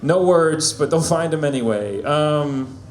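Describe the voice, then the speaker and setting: A man doing stand-up at an open mic with a fairly high voice. He delivers his jokes deadpan, with lots of hesitant ums and little laughs. The room is echoey. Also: a little slow, a little hiss or hum. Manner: awkward deadpan with nervous fillers and laughs. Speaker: stand-up comic. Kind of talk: stand-up set. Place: small venue open mic.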